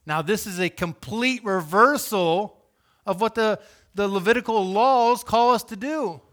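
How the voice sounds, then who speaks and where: A male pastor preaching with animated, conversational energy, his pitch sitting a little high. His tone is bright and forceful and swings from loud emphasis to quiet asides. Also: measured pace. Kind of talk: sermon.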